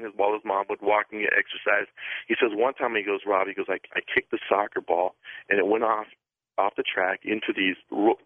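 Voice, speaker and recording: A man from the Pacific Northwest calling into a radio show, telling a story in a halting way, restarting and repeating words. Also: fairly low pitch, dry recording. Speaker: caller. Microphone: telephone. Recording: narrow phone line.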